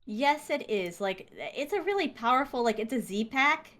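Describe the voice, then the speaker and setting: A woman guest telling a story in an excitable, dramatic way and laughing often. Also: a little high, moderate pace. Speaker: guest, content creator. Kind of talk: animated storytelling.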